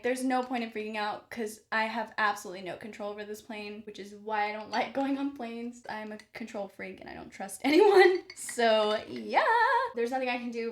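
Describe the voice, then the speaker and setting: A young woman vlogger telling a funny story in a casual, animated way, swearing often and exaggerating for comic effect. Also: fairly high pitch, echoey room.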